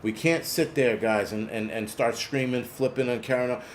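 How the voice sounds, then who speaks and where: A man's voice: medium pitch, moderate pace, a little hiss or hum. A man hosting a prepper channel, chatting casually on a live stream, rambling, swearing and reading out chat names. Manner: rambling, profane, reads chat names aloud.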